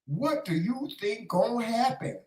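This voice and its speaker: A man's voice: very high voice, animated, measured pace, a little mellow, reverberant, low-quality recording. A man hosting a casual livestream talk show, delivering a sassy, profane, preachy monologue and calling listeners "child" and "honey". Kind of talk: casual monologue to a live chat.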